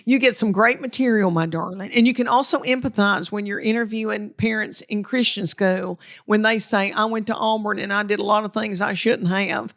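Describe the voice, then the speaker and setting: A woman's voice: medium pitch, fairly even intonation, normal speed, hardly any pauses, fairly bright tone. A middle-aged woman comedian with a thick Southern country accent, chatting folksy and self-deprecating, calling people darling. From Tennessee, US South. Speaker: comedian guest. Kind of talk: casual chat.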